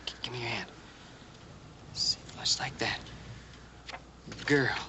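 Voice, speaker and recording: An actor playing a patient man who coaxingly teaches a deaf girl sign language, repeating single words slowly, in 1960s TV western acting. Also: mid-range voice, expressive, natural voice. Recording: noisy old TV soundtrack.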